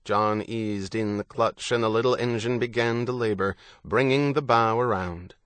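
A man narrating a thriller audiobook in a steady, measured way. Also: on the low side, no room sound, clean studio sound. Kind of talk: scripted narration.

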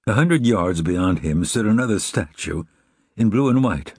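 A man narrating a novel in a measured, reflective reading. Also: lowish voice, lively intonation, slightly rough, no room sound, studio quality. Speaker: audiobook narrator. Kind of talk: scripted narration.

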